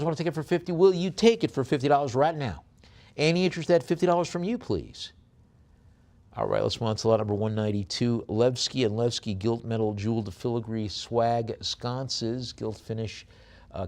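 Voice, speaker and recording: A man working as a live auctioneer, reading out lot descriptions and then rattling off fast bid calls. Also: on the low side, gravelly.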